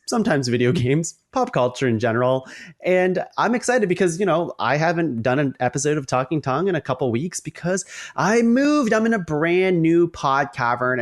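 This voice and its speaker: A young man hosting a casual podcast, upbeat and laughing often as he chats with a guest. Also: medium pitch. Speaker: podcast host. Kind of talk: casual chat.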